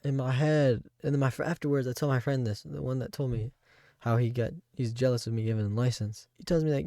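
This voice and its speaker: A young man tells a personal story in a frustrated, rambling monologue, restarting and stumbling over his words. His voice is low-set, gravelly and mellow. The sound is close and dry, with no room around it. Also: fairly even intonation, fast, no echo. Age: young adult.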